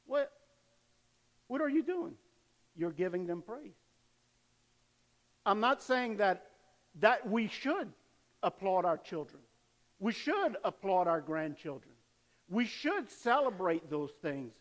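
An older man preaching a sermon in a church, animated and conversational, acting out cheering fans. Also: high-pitched, slow pace, pauses often, in a large hall. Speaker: pastor.

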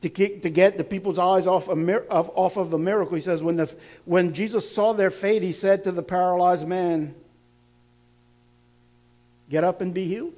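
A man's voice: high voice, fairly even intonation, moderate pace, long pauses, warm tone. A man preaching a sermon, laughing now and then and building up to emphatic, repeated lines.

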